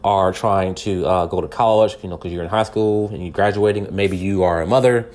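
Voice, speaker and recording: A man's voice: deep voice, steady tone, a little fast, a little mellow. A man from California giving casual news commentary, speaking earnestly and putting rhetorical questions straight to the listener, with many restarts and repeated words. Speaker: podcast commentator.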